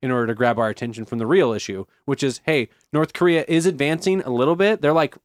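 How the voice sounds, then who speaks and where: A young man hosting a casual chat, animated and swearing freely as he acts out what others said. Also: medium pitch, fast, dry recording, studio quality.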